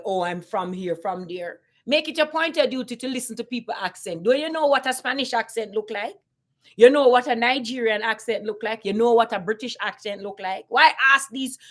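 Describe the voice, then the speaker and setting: A woman with a Jamaican accent talking casually on a live stream, emphatic, repeating points and asking rhetorical questions. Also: fairly high pitch.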